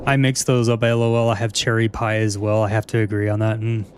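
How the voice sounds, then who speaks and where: A man's voice: fairly low pitch, flat delivery, brisk, background noise. A man streaming a video game, chatting casually and answering viewers' questions with easy chuckles. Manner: laid-back, chuckling, rambling restarts. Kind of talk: casual gameplay commentary, answering chat.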